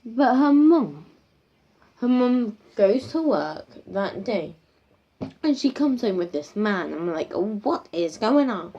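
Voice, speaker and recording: A woman's voice: medium pitch, big pitch swings, slow pace. A woman improvising a spooky story in a rambling, casual way, full of fillers and restarts, on a dull lo-fi home recording.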